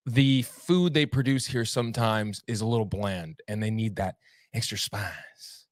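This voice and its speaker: A man's voice: fairly low pitch, a little slow, no room sound, clean studio sound. Rambling, joking man hosting casually. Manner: rambling, joking, sarcastic, many fillers. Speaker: podcast host. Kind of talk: casual chat.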